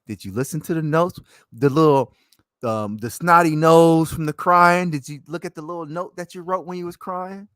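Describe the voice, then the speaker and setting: A man in a rambling casual monologue, swinging between loud and soft. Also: on the high side, moderate pace, dry recording, studio quality.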